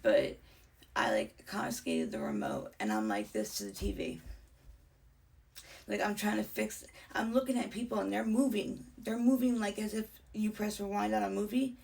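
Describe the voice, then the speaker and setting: A woman's voice: mid-range voice, sing-song, normal speed, gravelly, a little mellow, distant mic. A young woman telling a personal story in a candid, chatty way, often dropping into a whisper. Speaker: vlogger. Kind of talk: casual storytelling.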